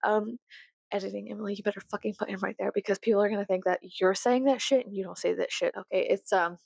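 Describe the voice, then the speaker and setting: A young woman with a Southern US accent, chatting casually to camera in her bedroom, rambling and profane, with sudden loud high outbursts. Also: fairly even intonation, fast, creaky, no echo. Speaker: vlogger.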